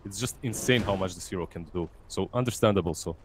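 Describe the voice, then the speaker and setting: A man's voice: sits low, a little hiss or hum. Easygoing male co-caster. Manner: relaxed, chatty analysis with quick reactions. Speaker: esports co-caster. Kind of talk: live color commentary.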